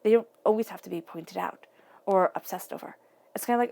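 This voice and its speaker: A woman's voice: mid-range voice, brisk, vocal fry, dark tone. A woman giving a tarot reading, talking earnestly and directly to the viewer in a casual, conversational way. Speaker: tarot reader.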